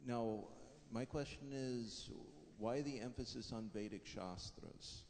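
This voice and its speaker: A man's voice: medium pitch, slow, a little mellow, slight background noise. A man in the audience of a temple class asking the teacher a question, hesitant and full of fillers. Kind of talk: question from the floor. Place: temple lecture hall. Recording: roomy hall with faint ambience.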